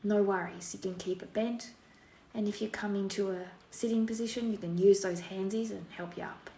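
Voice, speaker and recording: A woman yoga teacher guiding a class in a playful put-on Australian accent, relaxed and encouraging with lots of slang. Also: mid-range voice, moderate pace. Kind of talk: guided yoga class instruction. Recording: roomy echo, faint room hiss.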